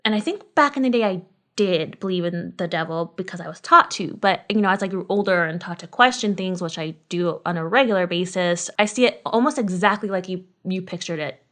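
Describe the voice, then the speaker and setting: A woman's voice: fairly low pitch, fairly quick, a bit bright. A woman in her thirties from Connecticut, co-hosting a podcast in casual chat, speaking emotionally and swearing freely. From Connecticut, USA. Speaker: podcast co-host.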